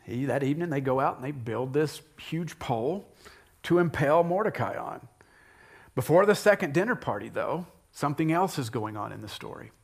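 A pastor giving a sermon, retelling a story in an animated, conversational way with asides to the congregation. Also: male voice, on the high side, moderate pace, vocal fry, slightly rough.

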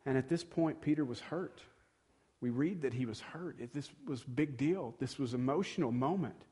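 A man's voice: mid-range voice, moderate pace, mellow, slightly rough. A male pastor giving a sermon in a conversational tone, acting out quoted dialogue and building to moments of emphasis.

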